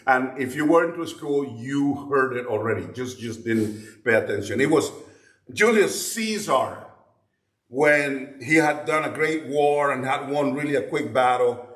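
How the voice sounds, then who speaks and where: A man's voice: mid-range voice, expressive, a little slow, a bit bright. A man giving a Bible teaching class, explaining in a patient way and often repeating words while he searches for the next one. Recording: roomy echo.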